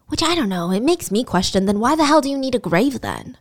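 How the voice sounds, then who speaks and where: A woman's voice: on the high side, very animated, a little fast, hardly any pauses. A woman telling a true crime story in a casual, chatty way, with sarcastic and incredulous asides.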